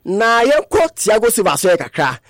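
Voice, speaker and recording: A man presenting a radio sports news bulletin, talking fast and sometimes slipping into a sing-song lilt. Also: sits high, very animated, fairly bright tone, dry recording, studio quality.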